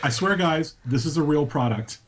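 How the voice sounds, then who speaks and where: A man's voice: a little high, lively intonation, normal speed. A man co-hosting a podcast, cracking jokes and laughing often in casual chat. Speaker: podcast co-host.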